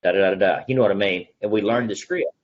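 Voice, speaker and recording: A middle-aged man with an East Texas drawl and a husky, fairly low voice tells a story in a folksy, earnest way, slipping into the voices of people he remembers. He is a real estate agent in a casual interview. The recording sounds dull and lo-fi. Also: quick pace. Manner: folksy, earnest storyteller who acts out the dialogue he recalls.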